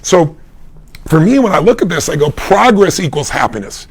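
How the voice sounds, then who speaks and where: Gravelly, emphatic life coach. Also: male voice, fairly high pitch, very animated, moderate pace. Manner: emphatic storytelling, acts out quoted voices. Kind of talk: live Q&A advice talk.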